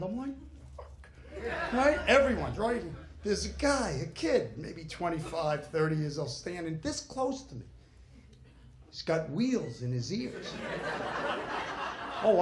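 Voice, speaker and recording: A man performing a stand-up comedy set, brash and punchy, with crude jokes and quick character voices. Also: fairly high pitch. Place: comedy club stage before a laughing audience. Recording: roomy live club recording with audience noise.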